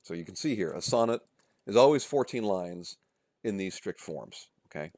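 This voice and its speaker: Deep-voiced man lecturing on poetry. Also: expressive, moderate pace, darkish tone, dry recording, studio quality. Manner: casual, many fillers and restarts, checks in with "okay?" and "right?"; chants rhythms and rhyme schemes aloud. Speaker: literature instructor. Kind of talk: recorded lecture.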